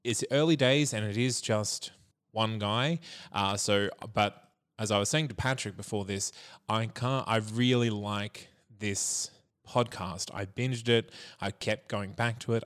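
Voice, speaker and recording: Male podcast co-host, low-ish voice, self-deprecating, rambling casual chat. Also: a bit bright. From Australia.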